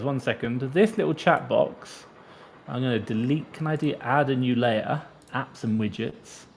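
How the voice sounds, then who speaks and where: A man's voice: medium pitch, gravelly. A man hosting a casual live question-and-answer stream, chatty, breaking off mid-sentence and reading viewer comments aloud. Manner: chatty, self-interrupting, reads comments aloud.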